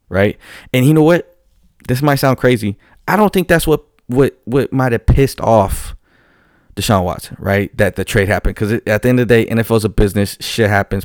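A man rants in a casual, animated monologue, swearing freely and rambling with restarts as he goes. His voice sits somewhat low, and the sound is close and dry, with no room around it. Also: no echo. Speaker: football fan commentator.

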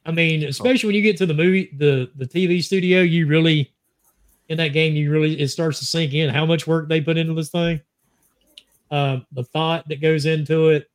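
A man's voice: on the high side, steady tone, brisk. Earnest man on a gaming podcast. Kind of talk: casual gaming chat.

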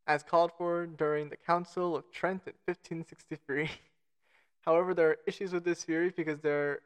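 Guy cohosting a podcast, smooth clear voice, a bit high, jokey and self-deprecating. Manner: joking, self-mocking, stumbles over foreign names. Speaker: podcast co-host. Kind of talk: casual podcast chat, reading out facts.

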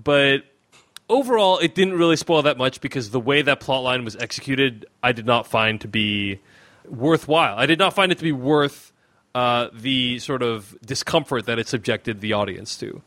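A podcast host with a mid-range, fairly bright voice talks at a moderate pace in casual chat. He rambles, restarts his sentences, and uses lots of fillers.

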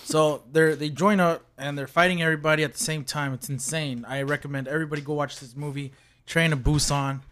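A man on a podcast in casual banter, telling absurd jokes in a deadpan way. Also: fairly high pitch, brisk, slight background noise. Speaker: podcast guest.

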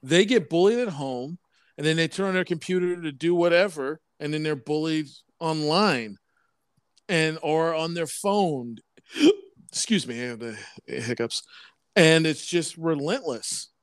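A man in his thirties co-hosting a casual podcast, talking in halting, stop-start bursts. His voice sits a little high for a man, and it sounds close and dry on the mic, with almost no room around it. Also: smooth, no echo. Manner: halting, repeats words and restarts often. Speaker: podcast co-host.

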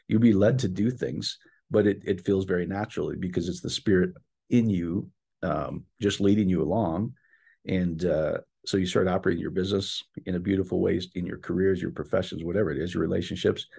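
A man giving an informal, earnest faith talk, speaking directly to his listeners with quick repetitions and restarts. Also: deep voice, gravelly, dark tone, breathy edge. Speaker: Christian teacher.

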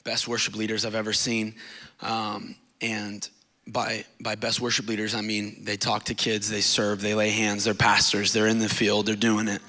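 Bright-voiced emotional young preacher. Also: male voice, on the low side, monotone, normal speed. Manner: emotional, rambling, tearful at times. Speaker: guest preacher. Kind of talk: sermon. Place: church stage.

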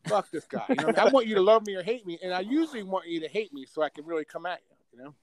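Talking very fast in a high, expressive voice, the New Jersey-accented social media personality holds forth as a podcast guest. Middle-aged, brash, and profane, he boasts his way through stories in casual conversation.

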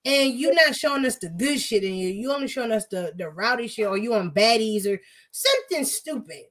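A woman's voice: fairly high pitch, expressive, a little fast, a bit bright. A young woman talking in casual podcast chat, blunt, profane and emphatic.

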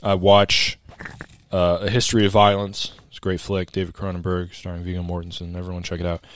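A man's voice: deep voice, completely flat delivery, fairly quick. A young man and podcast co-host telling a story in casual chat, laid-back, profane and rambling.

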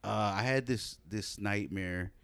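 A man's voice: on the low side, takes it slowly, creaky, a bit bright, smooth. A man co-hosting a podcast, telling a long story in casual, profane chat with lots of fillers. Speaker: podcast co-host.

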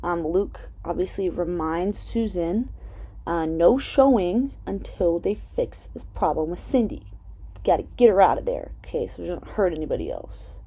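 Mellow, low-voiced woman recapping an episode. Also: sing-song, normal speed, husky. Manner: chatty, full of "um" and "like", swears freely. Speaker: TV episode reviewer.

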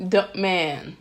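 A woman's voice: mid-range voice, bright, forceful tone. A woman co-hosting a podcast in casual chat, blunt, laughing and swearing freely. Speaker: podcast co-host.

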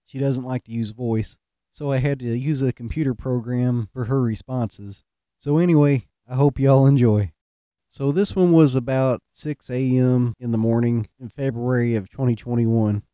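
Male host, relaxed joker, warm tone, dry close recording. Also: medium pitch, moderate pace, clean tone, dry recording. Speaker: podcast host. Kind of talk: casual storytelling.

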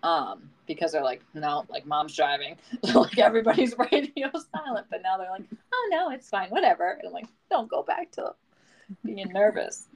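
A woman's voice: medium pitch, lively intonation, normal speed, creaky, husky, rough recording. A young woman co-hosting a casual chat, laughing often and acting out stories with dramatic voices. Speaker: podcast co-host.

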